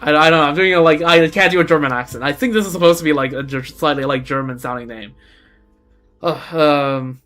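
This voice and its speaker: A man's voice: on the high side, a little fast, a bit bright, faint music behind. A man streaming a video game, chatting casually and joking about himself, often stammering and restarting his sentences. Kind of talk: casual gaming commentary.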